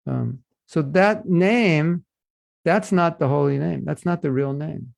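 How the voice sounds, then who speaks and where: A man's voice: a little high, measured pace, gravelly, darkish tone, no room sound, studio quality. A man teaching a devotional class, earnest and addressing listeners with rhetorical questions. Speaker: spiritual teacher.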